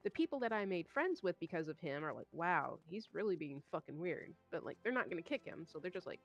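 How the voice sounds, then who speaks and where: A young woman streamer telling a story in casual chat, animated and swearing, acting out what others said. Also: fairly low pitch, a little fast, highs cut off, soft background music. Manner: animated, swearing, acts out quoted voices.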